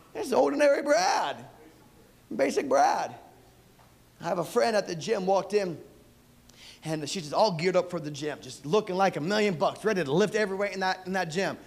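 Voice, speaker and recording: Male pastor, very high voice, fiery sermon with shouted refrains and joking asides. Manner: preaching with shouted, repeated refrains and playful asides.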